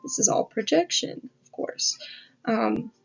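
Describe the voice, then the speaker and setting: A woman's voice: on the high side, takes it slowly, creaky, breathy edge, soft background music. A woman hosting a casual video essay over slides, rambling with self-aware asides and the odd swear. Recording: dull lo-fi audio.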